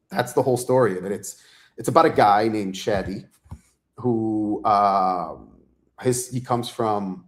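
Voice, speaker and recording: A low-voiced man chats as an author guest in a relaxed interview. He rambles with plenty of fillers and acts out the lines people said, swearing without a second thought. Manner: animated storyteller, acts out quotes, swears freely; loose and rambling with many fillers. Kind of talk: casual interview chat.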